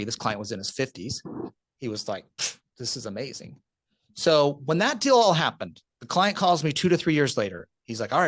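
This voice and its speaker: A man with a middle-pitched voice tells a story in an animated, conversational way. His emphasis climbs as the story builds. The recording is dry and close, with almost no room sound. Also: no room sound. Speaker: podcast guest, retirement account specialist.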